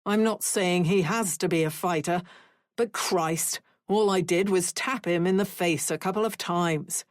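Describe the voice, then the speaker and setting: Woman doing a gruff, dismissive father. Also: lowish voice, a little slow, no room sound, clean studio sound, natural voice. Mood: defensive. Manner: brusque, dismissive.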